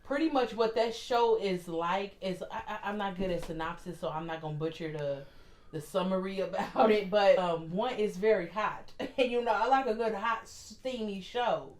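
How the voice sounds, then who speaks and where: Laughing, animated woman co-host. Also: mid-range voice, normal speed. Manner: animated, laughs often, mimics voices. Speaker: podcast co-host. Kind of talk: casual chat.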